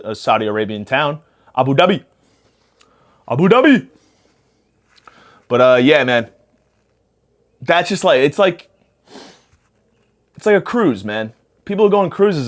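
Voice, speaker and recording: This podcast host is a young man whose mid-range voice is expressive and a little fast, broken up by frequent pauses. Still spacey from a panic attack, he wanders through a foul-mouthed comic monologue that hops between subjects.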